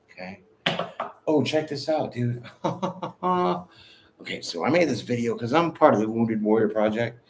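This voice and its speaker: A man's voice: lowish voice, slight background noise. A man giving a casual livestream tarot reading, talking in a direct, bold and slangy way and laughing often. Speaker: tarot reader.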